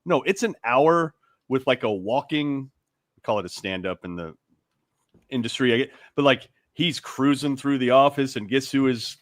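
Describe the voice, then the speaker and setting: A man co-hosting a casual sports talk show, animated and rambling, often laughing and restarting his sentences. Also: mid-range voice, moderate pace, no room sound. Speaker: sports radio co-host.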